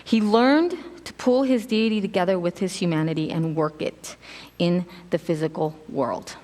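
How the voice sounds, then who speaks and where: A middle-aged woman giving a casual sermon, telling stories in an animated way and acting out quotes with laughs. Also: on the low side, normal speed. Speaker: preacher. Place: church sanctuary. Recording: long hall reverb.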